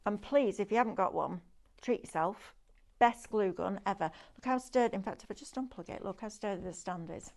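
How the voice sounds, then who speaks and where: A woman hosts a live craft shopping show, talking viewers through each product with chatty, eager sales patter. Her voice has a gravelly, fry-tinged edge and sits at an ordinary middle pitch. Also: a little fast, a little mellow.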